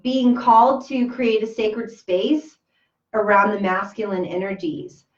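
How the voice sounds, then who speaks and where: Measured and steady, a medium-pitched woman co-hosting a spiritual podcast reassures listeners in casual talk, often backing up to begin a sentence again. The recording sounds dull, roomy, and remote.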